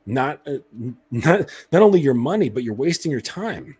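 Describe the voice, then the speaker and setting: A man's voice: fairly high pitch, very animated, normal speed, darkish tone, breathy edge. A man coaching other men in a casual monologue, blunt and profane, with many fillers. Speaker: dating and self-improvement coach.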